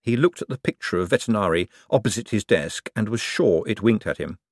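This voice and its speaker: A man reading an audiobook as narrator with expressive, dramatic storytelling. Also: fairly low pitch, a little fast, dry recording, clean studio sound. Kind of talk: scripted narration.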